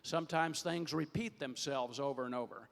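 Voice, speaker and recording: A man's voice: medium pitch, normal speed, creaky. Older man joking with a hall crowd. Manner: folksy, joking, building to loud announcements. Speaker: producer warming up a studio audience. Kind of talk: crowd warm-up emcee. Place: large hall or theater stage. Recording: long hall reverb on a stage.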